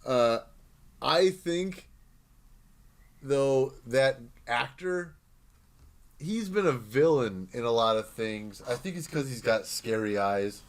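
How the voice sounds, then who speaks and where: Young male co-host, easygoing and agreeable, mid-range voice. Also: mid-range voice. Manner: agreeable, chimes in with quick yeahs. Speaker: podcast co-host. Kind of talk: casual movie chat.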